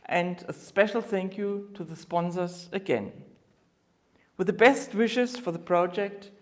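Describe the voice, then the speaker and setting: A university president giving a formal, courteous welcome speech at a conference. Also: medium pitch.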